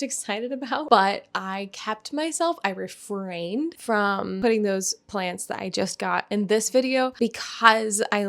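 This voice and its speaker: A woman's voice: medium pitch, fairly bright tone. A young woman vlogging casually about her houseplants, rambling and gushing with frequent giggles. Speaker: plant vlogger. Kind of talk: casual chatty vlog.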